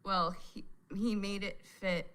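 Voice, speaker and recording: A woman's voice: mid-range voice, little pitch movement, measured pace, a bit bright, clean tone, low-quality recording. A woman hosting a casual reaction chat, a mother who laughs a lot and exclaims often as she talks. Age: adult mother. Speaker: reaction video host.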